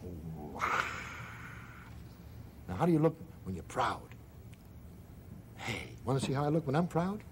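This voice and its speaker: A man playing a game of faces with a girl, talking in a slow, playful, expressive way. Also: medium pitch, slight background noise. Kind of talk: playful children's TV chat.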